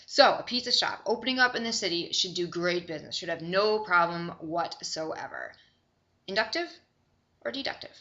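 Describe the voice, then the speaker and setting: A woman's voice: lowish voice, lively intonation, moderate pace, bright, forceful tone, dull audio. A young woman from Chicago giving a recorded online lecture, conversational and often checking in with "okay?". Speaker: course instructor.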